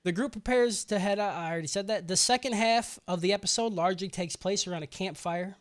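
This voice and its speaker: A man's voice: sits high, quick pace. A man co-hosting a podcast, recapping an anime in a casual, profane, sarcastic way. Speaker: podcast co-host recapping episodes.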